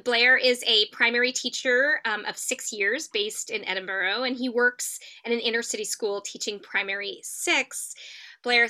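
Bright, eager woman podcast host. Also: sits high. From United States. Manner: enthusiastic, stumbles over words. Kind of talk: podcast interview.

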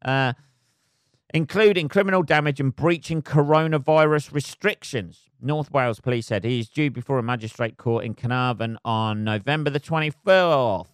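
Guy ranting on his podcast, sweary and sarcastic, smooth voice, dry close sound. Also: mid-range voice, normal speed, no echo. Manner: sweary, sarcastic, rambling with many fillers. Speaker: podcast host. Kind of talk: casual solo podcast rant.

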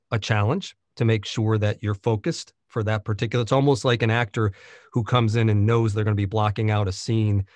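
A man talks shop about narrating audiobooks in a relaxed interview. His voice sits fairly low and sounds dry and close, with no room around it. He pauses and restarts often as he thinks aloud. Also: no room sound. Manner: thoughtful, many restarts and fillers. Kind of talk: conversational interview.

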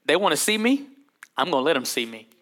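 A man voicing Jesus as a calm, solemn grown man who speaks slowly and gravely. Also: fairly high pitch, pitched below the performer's own voice.

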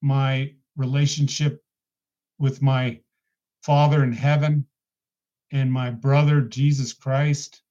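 A man sharing a personal testimony as a podcast guest, talking casually and earnestly with halting restarts. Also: medium pitch, flat delivery, warm tone. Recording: dull lo-fi podcast audio.

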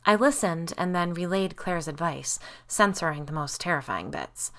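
A woman's voice: lowish voice, lively intonation, moderate pace, hardly any pauses, fairly bright tone. A woman reading a first-person story aloud, telling it expressively and voicing the dialogue as she goes. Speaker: audiobook narrator. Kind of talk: scripted first-person narration.

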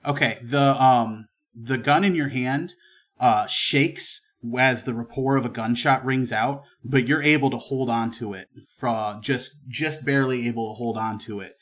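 A man running a tabletop western role-playing game as game master. He narrates and calls for rolls in a relaxed, unhurried way, often pausing with fillers. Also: medium pitch.

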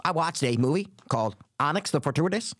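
A man's voice: fairly high pitch, lively intonation, fairly quick, fairly bright tone, breathy edge. A man co-hosting a podcast in casual chat, rambling loosely and swearing as he talks. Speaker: podcast co-host.

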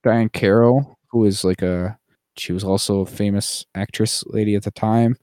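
A man's voice: lowish voice, fairly even intonation, moderate pace, a little mellow, no echo. Rambling man in a dry booth. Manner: rambling, with many fillers and playful mock voices. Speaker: podcast co-host. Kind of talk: casual chat.

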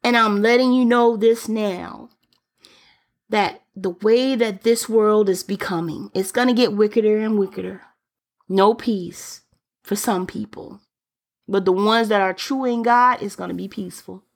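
A woman delivers a sermon as a preacher, her voice sitting at an ordinary middle pitch. She talks emphatically and returns to key phrases again and again to press her point home. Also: steady tone, measured pace.

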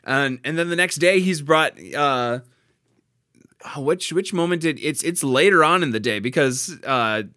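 A man's voice: on the high side, measured pace, pushed and bright, dry recording, studio quality. A man in casual conversation about a play, laughing often and restarting his sentences. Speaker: podcast co-host discussing a play. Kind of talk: casual chat.

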